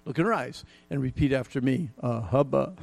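A man's voice: medium pitch, animated, brisk, creaky. A middle-aged man preaching a folksy, emphatic sermon with jokes and repetition. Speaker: pastor.

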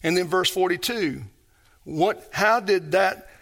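A man's voice: sits high, slow, gravelly, a bit bright. A man preaching a sermon as pastor, emphatic and full of rhetorical questions put to his congregation.

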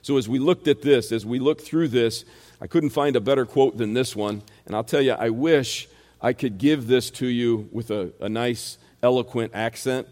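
A man's voice: medium pitch, normal speed, a little mellow. A man with a rural American accent preaches verse by verse in an emphatic voice that sits in the middle of the male range. He drives his points home with rhetorical questions. His voice rings out with a long reverb, as if from a church sanctuary. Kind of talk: expository sermon.

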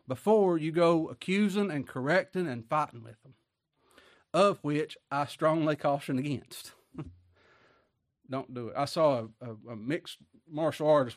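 Folksy preacher, dry sound. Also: male voice, on the high side, no echo. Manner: folksy, colloquial preaching with rhetorical questions. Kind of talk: sermon.

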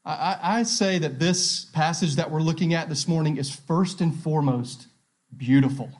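A man in his thirties preaching a sermon, earnest and emphatic, repeating key phrases and slowing for emphasis. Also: on the high side. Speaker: pastor.

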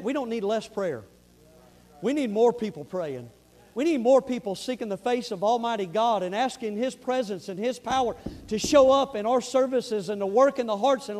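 This Southern-accented pastor has a very high-pitched male voice. His sermon is emphatic, alternating loud urgent pleas with soft, sincere asides.

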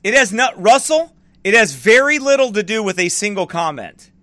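A middle-aged man, a pastor, ranting in fiery preaching style with shouted bursts and mocking asides. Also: high-pitched, expressive, moderate pace, dry recording. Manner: fired-up, shouting bursts, mocking soft baby talk.

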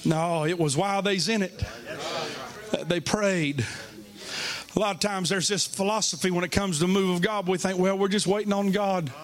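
A man's voice: sits high, normal speed, pauses often. A middle-aged man with a Southern US accent preaching a sermon, telling a folksy story with humor and rising to fervent, emotional delivery. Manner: emotional, rising to shouting fervor.

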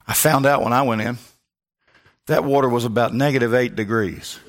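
A man's voice: medium pitch, steady tone, normal speed. A male pastor preaching a sermon, telling a personal story with comic asides.

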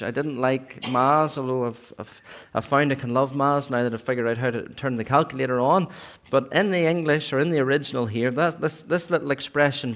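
This is an earnest man preaching from a church pulpit, his delivery swelling at times into emphatic highs before sinking back down low.

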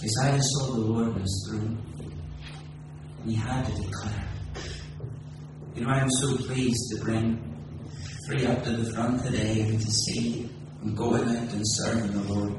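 A man preaching a sermon with passion, swinging from loud exclamation to low, slow emphasis. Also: steady tone. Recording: echoey room from far off with noise.

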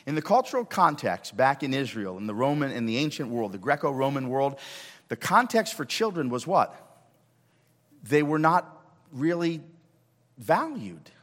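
Animated preaching man, long church reverb. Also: mid-range voice. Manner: animated preaching, quizzes the congregation with quick questions. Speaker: pastor. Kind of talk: sermon. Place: church sanctuary. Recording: church service recording with long hall reverb.

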